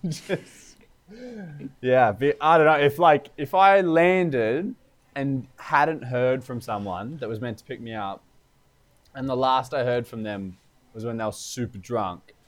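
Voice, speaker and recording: A man co-hosting a casual podcast, talking in a relaxed, rambling way. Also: mid-range voice, unhurried. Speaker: podcast co-host. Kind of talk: casual chat.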